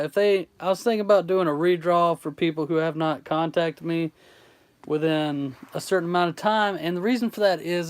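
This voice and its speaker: A Southern-accented man from Tennessee hosts a laid-back art livestream. His voice is smooth and clear and sits a little high. He rambles easily as he answers the chat's questions. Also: no room sound. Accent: Southern American. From Tennessee, USA. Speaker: artist streamer. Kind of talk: casual livestream chat with viewers.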